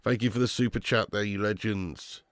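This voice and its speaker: A man hosting a live football watch-along, calling the play and reading chat, excitable and swearing freely. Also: lowish voice, normal speed, dry recording, studio quality. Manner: excitable, swears, jumps from play calls to chat shout-outs. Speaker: fan channel host.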